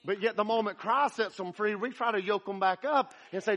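Pastor, man, very high bright voice, folksy joking sermon. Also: a little fast, hardly any pauses, muffled recording.

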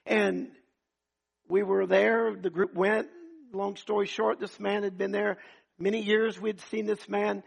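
A man preaching a sermon in a high, gravelly voice with a husky edge. He moves between loud, emphatic passages and hushed, quiet ones while telling testimony stories. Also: little pitch movement, measured pace.

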